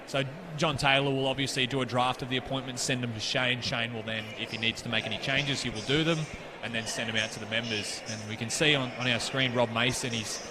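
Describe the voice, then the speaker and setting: A man's voice: medium pitch, steady tone, fairly quick, few pauses. A young man working as co-commentator at a local rugby league match, chatting and joking while he breaks down the play. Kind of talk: casual sports commentary. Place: commentary box at an outdoor ground. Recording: crowd noise in the background.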